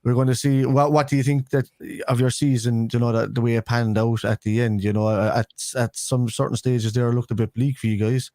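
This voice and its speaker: A man's voice: mid-range voice, little pitch movement, fairly quick, few pauses, mellow, no room sound, clean studio sound. A man hosting a casual football livestream chat, chatty and friendly with his guests. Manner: chatty, calls everyone lad. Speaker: host.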